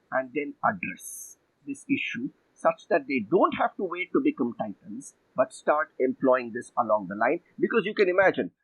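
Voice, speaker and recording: An older Indian man who coaches executives, talking with a lively, fairly high voice that rises and falls a great deal. He makes his points emphatically, one by one. The sound is dull and muffled, and the room is very dry. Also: no room sound. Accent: Indian English. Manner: emphatic, lists points, acts out quotes. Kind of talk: interview answers.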